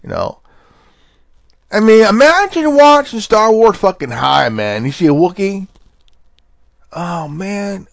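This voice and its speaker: Casting: high, lively male host, laid-back, slangy, profane, dry close sound. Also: takes it slowly, gravelly, long pauses, dry recording. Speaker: podcast host. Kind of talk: rambling casual monologue.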